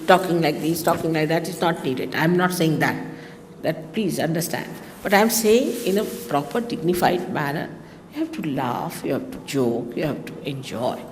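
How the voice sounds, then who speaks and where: A woman, giving a spiritual talk to her followers in a lively, teasing manner with mocking asides. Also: on the low side, a little hiss or hum. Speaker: spiritual teacher. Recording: long reverb of a hall, faint ambience.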